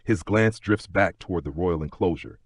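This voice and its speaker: A man gently narrating a sleep story in the second person, with unhurried storytelling. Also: sits low, breathy edge, dry recording, studio quality.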